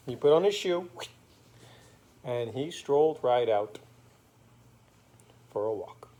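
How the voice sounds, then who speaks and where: A man with a mellow, warm voice tells a bedtime story he invents as he goes. He is playful and rhyming, and stops now and then to make up details with fillers. His pitch sits in an ordinary middle range.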